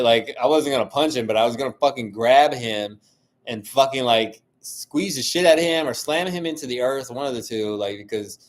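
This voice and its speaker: A man hosting a solo podcast, ranting heatedly with heavy swearing and constant fillers. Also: medium pitch. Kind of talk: casual monologue.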